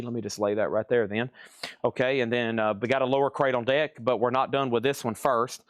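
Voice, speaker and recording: A man's voice: mid-range voice, fairly even intonation, a little fast, a little hiss or hum. A man hosting a live-stream record sale, reading off titles and prices and calling out bidders with chatty asides. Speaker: live auction seller.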